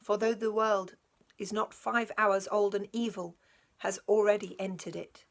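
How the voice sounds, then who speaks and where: A woman's voice: medium pitch, little pitch movement, measured pace, creaky. A woman voicing a majestic male lion king who calls the creatures to council in a solemn, commanding way.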